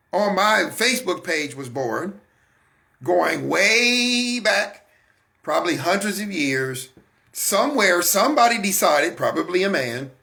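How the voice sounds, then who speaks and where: Gravelly, bright-voiced man musing aloud. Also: high voice. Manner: conversational, asks the audience rhetorical questions; repeats and restarts words. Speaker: host of a faith talk broadcast. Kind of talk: casual spoken monologue.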